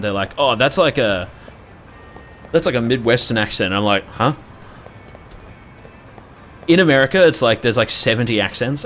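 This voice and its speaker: A man's voice: fairly low pitch, fairly bright tone. A young man chatting loosely as a gaming streamer, rambling and swearing freely. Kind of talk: casual live-stream commentary.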